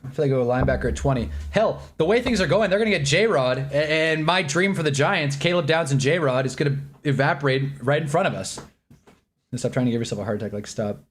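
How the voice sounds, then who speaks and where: A man's voice: on the high side, lively intonation, fast, slight background noise. A man reacting live on a stream, rambling and annoyed, joking and talking while he eats.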